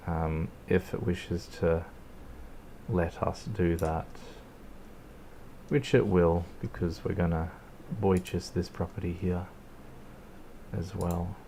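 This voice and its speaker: A man's voice: low-pitched, fairly even intonation, slow, long pauses, warm tone, a little hiss or hum. An Australian man casually commenting on his gameplay in a rambling, laid-back way, swearing and laughing now and then. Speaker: streamer.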